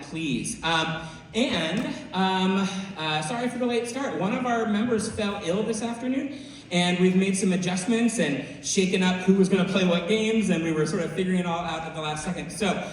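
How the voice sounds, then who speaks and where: High-voiced man hosting an improv show. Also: moderate pace. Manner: casual, with fillers, apologetic. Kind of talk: explaining game rules to a live audience. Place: theater stage. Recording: echoey hall from far off, faint noise.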